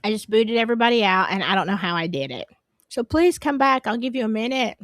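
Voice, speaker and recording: Woman, live stream host, flustered and rambling, fairly high voice, dry sound. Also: lively intonation, fast talker, a bit bright, dry recording. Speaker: livestream host. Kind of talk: casual live chat.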